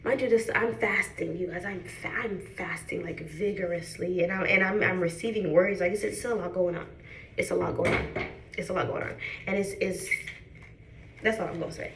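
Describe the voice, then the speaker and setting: A woman's voice: on the low side, normal speed. Chatty young woman in echoey room. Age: 20s. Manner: chatty, animated, addresses viewers as y'all. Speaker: beauty vlogger. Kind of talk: casual chat while doing makeup. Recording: echoey room with background noise.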